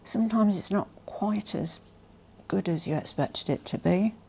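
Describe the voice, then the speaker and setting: A woman vlogger presenting a haul in a casual, gushing and emotional way, often dropping to soft whispers. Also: medium pitch, measured pace, gravelly, slight background noise. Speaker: fashion vlogger.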